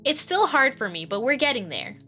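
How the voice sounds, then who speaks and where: A woman's voice: high voice, very animated, a little fast, bright, forceful tone, soft background music. A woman streamer chatting casually while playing, rambling, giggling often and swearing freely. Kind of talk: casual live-stream chat.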